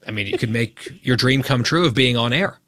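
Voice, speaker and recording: A man hosts a radio talk show in a mid-range voice, quick and teasing as he banters. The studio sound is dry and close. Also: medium pitch, expressive, pushed and bright, no room sound.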